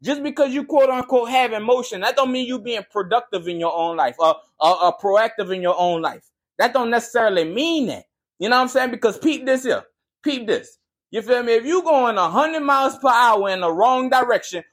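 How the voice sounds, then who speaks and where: Young man, high-pitched voice, hyped motivational podcast host, preachy, casual. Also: lively intonation, moderate pace, a bit bright. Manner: hyped, preachy, full of "you feel me".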